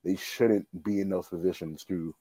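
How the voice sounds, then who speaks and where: A man co-hosting a casual sports chat, relaxed, chuckling, and full of fillers and restarts. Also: deep voice, moderate pace, dry recording. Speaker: podcast co-host.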